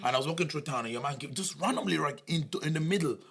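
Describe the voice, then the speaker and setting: A young man with a blended African and Irish accent, chatting on a podcast and telling animated stories in mimicked voices. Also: a little high, very fast, vocal fry, slightly rough. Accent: mix of African and Irish. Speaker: podcast guest, comedian. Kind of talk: casual chat.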